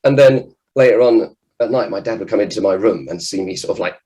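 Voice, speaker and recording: A man, a children's author, giving a lively, jokey talk to children at an event. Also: lowish voice, fairly quick, low-quality recording. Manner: animated, jokey, acts out scared voices.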